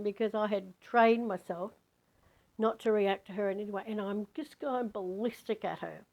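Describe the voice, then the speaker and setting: A woman recounts a personal story as a vlogger, talking in a loose, rambling monologue. Her voice sits at a middling pitch, and she speaks frankly, with swearing scattered throughout. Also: moderate pace, a little mellow, poor audio. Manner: candid, rambling, with frequent swearing. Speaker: spiritual vlogger.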